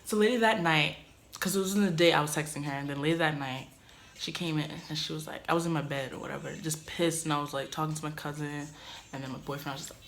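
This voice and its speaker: Animated young woman telling a story. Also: low-pitched, quick pace, a little hiss or hum. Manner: animated, swings between loud outbursts and muttered asides. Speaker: vlogger. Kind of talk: casual storytelling.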